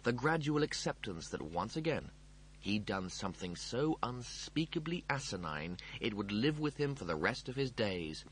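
A man reading a comic novel aloud as narrator, in a wry and expressive storytelling manner. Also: mid-range voice, a little hiss or hum. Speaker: audiobook narrator. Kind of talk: scripted narration.

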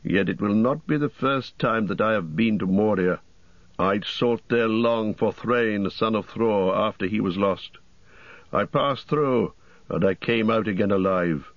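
A man reading the part of a wise old wizard in an audiobook, with a measured, solemn delivery. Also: fairly low pitch, no echo, dull audio. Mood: grave. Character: wise old male wizard, grave and commanding.

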